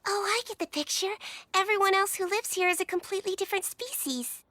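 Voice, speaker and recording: An actress voicing a polite, gentle young human girl in an anime dub, speaking in an earnest way. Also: very high-pitched, fast talker, no room sound.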